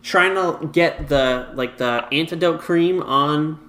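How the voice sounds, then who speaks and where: A man's voice: fairly high pitch, slow pace, bright, forceful tone. A young man co-hosting a podcast, rambling casually through an episode recap with lots of "like" and the odd swear. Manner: rambling, heavy on "like", laughs, swears. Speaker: podcast co-host. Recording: echoey room.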